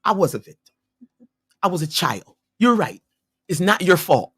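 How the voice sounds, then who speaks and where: Husky-voiced woman in her fifties, preaching. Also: fairly low pitch, very animated, normal speed. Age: 50s. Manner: preachy, emphatic, repeats key points. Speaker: radio show guest, abuse survivor and healer. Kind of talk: earnest personal testimony and advice. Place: radio studio.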